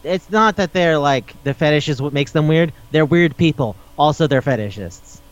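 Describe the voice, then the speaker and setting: A man's voice: a little high, expressive, moderate pace, muffled recording. A man hosting a podcast in casual chat, rambling through a recap, swearing often and laughing as he talks. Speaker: podcast host.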